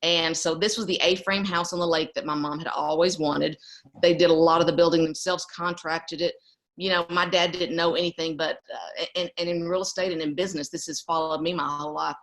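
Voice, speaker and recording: A woman's voice: low voice, fairly even intonation, brisk, fairly bright tone. A middle-aged woman from East Texas, telling a family story as an interview guest. She tells it with animation and laughs often.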